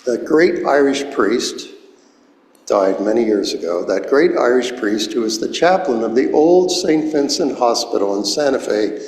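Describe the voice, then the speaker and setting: A man in his seventies preaching a sermon as pastor, explaining words slowly and deliberately, recorded in a church sanctuary. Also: mid-range voice, lively intonation, darkish tone. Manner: slow, deliberate, explains Greek words one at a time. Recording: echoey church hall, long reverb.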